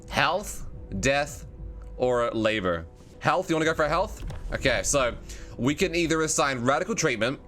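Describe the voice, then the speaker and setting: A man's voice: on the high side, a bit bright. A man giving playful, joking commentary on a video game as a streamer. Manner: playful, joking, laughs often.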